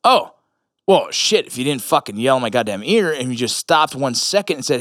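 A man's voice: medium pitch, very animated, brisk, a bit bright, no room sound, studio quality. A man, a military veteran and father, talking casually in a blunt, profane way with rambling asides. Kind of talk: casual monologue.

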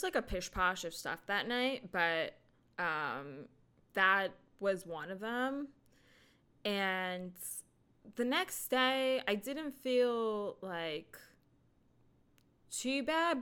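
A young adult woman hosting a podcast, talking casually in a rambling, animated way with lots of fillers and laughs into a microphone. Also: medium pitch, clear, resonant tone. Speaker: podcast host. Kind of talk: casual solo chat.

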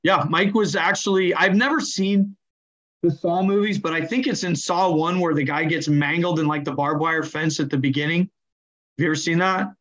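A man, a hockey coach and general manager, telling stories as a guest in an interview and lively acting out the people in them. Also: on the high side, normal speed. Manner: animated, acts out voices while telling stories. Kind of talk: conversational interview storytelling.

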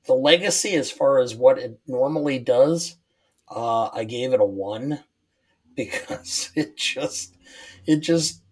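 A man's voice: medium pitch, slow pace, breathy edge. A middle-aged man, the host's father, talking hesitantly with many fillers in a casual movie-review chat.

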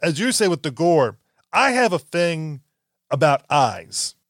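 A man's voice: fairly high pitch, sing-song, measured pace, fairly bright tone, dry recording, clean studio sound. A man in casual conversation about a horror film, talking in a rambling way with frequent restarts.

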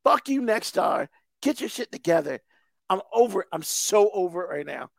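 A high-voiced man rants on a podcast, heated and profane, circling back to the same gripe again and again. The sound is close and dry, with no room around it. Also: sing-song, moderate pace, creaky, no echo. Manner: heated, swears constantly, emphatic repetition. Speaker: podcast co-host. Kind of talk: casual profane rant.

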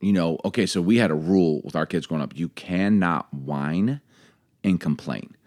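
Male co-host, 40s, low dry voice, animated storyteller. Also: moderate pace, no echo. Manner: animated storyteller, acts out quotes. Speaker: podcast co-host, father. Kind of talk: casual chat.

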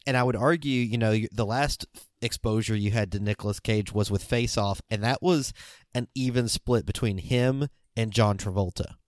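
A man hosting a podcast who talks through a movie in a casual, measured way, often checking in with "you know" and "right?". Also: on the low side, dry recording, studio quality. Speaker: podcast host. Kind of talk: casual movie review chat.

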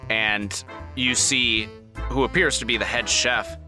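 A man narrating as game master of a tabletop game, describing scenes in a relaxed way with small restarts. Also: mid-range voice, a little slow, over music.

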